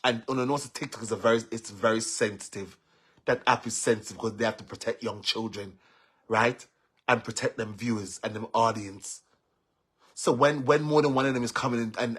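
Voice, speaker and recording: A Jamaican man venting on a live stream, agitated, with stammering repeats and swings between loud outbursts and low muttering. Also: brisk, breathy edge. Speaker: social media personality.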